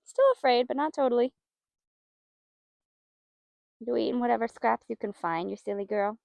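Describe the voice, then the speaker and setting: A woman horse trainer talking casually as she works outdoors with a horse, praising it softly. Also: on the high side, normal speed, vocal fry, dry recording. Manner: soft, coaxing praise to the horse.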